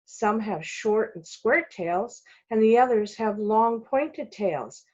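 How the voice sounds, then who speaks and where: A woman voicing a gentle, patient mother in a children's storybook, explaining things slowly. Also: fairly high pitch, expressive, breathy edge, heavily acted. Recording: dull lo-fi recording.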